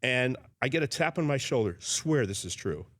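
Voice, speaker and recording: Animated storytelling man. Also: mid-range voice, normal speed, no room sound, studio quality. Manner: animated, chatty, acts out quotes. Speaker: guest, veteran sports interviewer. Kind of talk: anecdotal storytelling.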